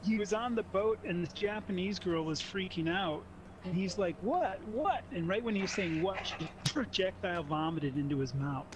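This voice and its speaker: A man chatting casually while gaming, telling long rambling anecdotes with laughs mixed in. His voice sits a little high. Steady noise hums behind him. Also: normal speed. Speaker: gamer chatting on stream. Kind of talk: casual chat.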